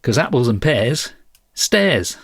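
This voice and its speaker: A man's voice: mid-range voice, sing-song, slow pace, creaky, a bit bright, no echo, clean studio sound. A man co-hosting a podcast, chatting casually and often laughing as he explains things. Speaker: podcast co-host.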